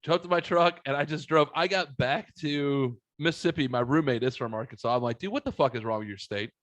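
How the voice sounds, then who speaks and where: A young man tells a story on a casual podcast, swearing freely and acting out each person's lines. His voice sits at a middle pitch. It is recorded close and dry, with no room sound. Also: a little fast, no echo, lo-fi sound. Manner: profane, animated storyteller acting out dialogue. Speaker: podcast host.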